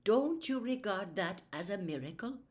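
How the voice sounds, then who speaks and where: A thoughtful old male country doctor from a storybook, calm and musing, with an unhurried delivery. A woman reads him aloud. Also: mid-range voice, pitched above the performer's own voice, natural voice.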